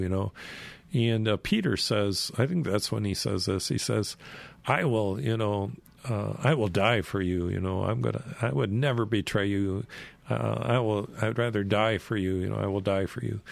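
A man casually retelling a Bible story, rambling with many fillers and jumping up in pitch when he acts out quotes. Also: vocal fry, no room sound.

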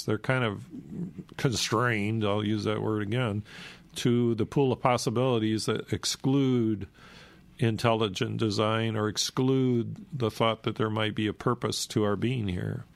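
A man hosting a talk program, explaining and reading aloud from a book in a halting way with many fillers, short of breath and coughing. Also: on the low side, steady tone, vocal fry, dry recording. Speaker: radio host. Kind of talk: casual spoken commentary reading from a book.

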